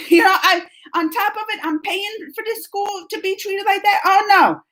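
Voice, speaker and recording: A woman's voice: very high-pitched, normal speed, a bit bright. A middle-aged woman telling a long, fired-up story on a live stream, rambling and emphatic.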